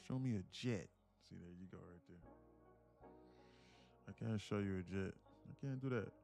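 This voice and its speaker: A man from with a gravelly voice, boasting about his trading and bantering with viewers on a live stream from his home apartment. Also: low voice, moderate pace, a little mellow, soft background music. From Atlanta, USA. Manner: boastful, teasing banter with chat. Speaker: day trader streamer.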